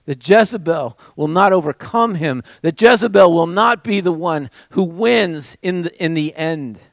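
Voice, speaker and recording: A man preaching a sermon as pastor, with dramatic swings between raised passages and hushed, almost whispered lines. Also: fairly high pitch, expressive, unhurried, gravelly, dry recording.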